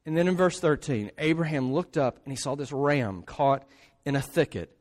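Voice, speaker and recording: A man's voice: on the high side, moderate pace, a little mellow. Man, preacher, emphatic sermon, rhetorical asides, large church sanctuary, reverberant hall.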